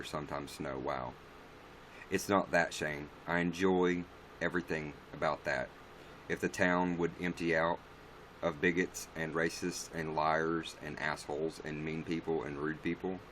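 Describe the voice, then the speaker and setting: A man with a deep, low-pitched voice chats on a casual livestream and answers viewer comments as they come in. He rambles bluntly and swears freely. A faint hum of noise sits behind him. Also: steady tone, moderate pace, fairly bright tone.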